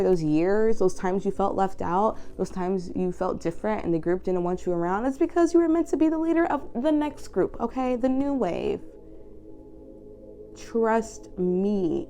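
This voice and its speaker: A young woman giving a tarot reading, emotional and animated, slowing down to stress her points. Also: mid-range voice. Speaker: tarot reader.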